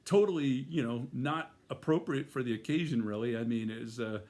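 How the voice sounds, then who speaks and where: A man's voice: medium pitch, brisk, darkish tone. Middle-aged man telling a rambling story. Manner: rambling, with many fillers and restarts. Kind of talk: casual personal storytelling.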